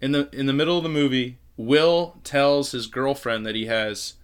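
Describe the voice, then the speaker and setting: A young man co-hosting a casual faith-based movie podcast, chatty and quick to laugh. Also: mid-range voice, smooth. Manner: chatty, laughs often, restarts phrases. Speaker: podcast co-host.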